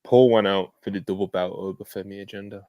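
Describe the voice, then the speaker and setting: Low, laid-back podcast man. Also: fairly even intonation, quick pace, dry recording, lo-fi sound. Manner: laid-back, mumbly, many fillers. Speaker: podcast co-host reading viewer messages. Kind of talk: casual chat.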